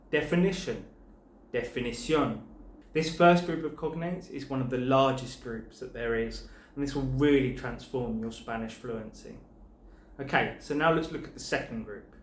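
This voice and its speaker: A man teaching a language lesson, spelling out word endings letter by letter and pairing each word with its translation in a clear, measured way. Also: medium pitch, echoey room. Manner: clear, slow spelling-out of letters and paired words. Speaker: Spanish teacher.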